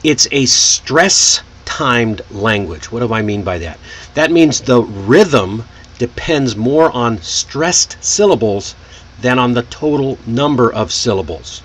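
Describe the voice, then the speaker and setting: An American man teaching English pronunciation, slowly explaining and demonstrating example phrases. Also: mid-range voice, animated, a bit bright, slightly rough. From United States. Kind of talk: pronunciation lesson.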